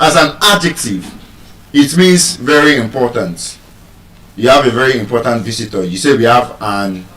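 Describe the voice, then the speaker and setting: A man's voice: mid-range voice, a bit bright, echoey room, far from the mic, rough recording. Playful Nigerian man teaching pronunciation. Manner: playful, teasing, asks the audience questions. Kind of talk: live lesson to an audience.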